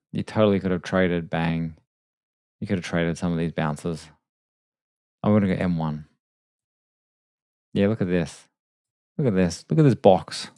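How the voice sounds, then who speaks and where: Low gravelly-voiced man talking quietly. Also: dry recording. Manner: quiet late-night talk, self-deprecating. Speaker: trading livestream host. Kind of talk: casual live trading commentary. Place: home desk at night. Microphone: desk microphone.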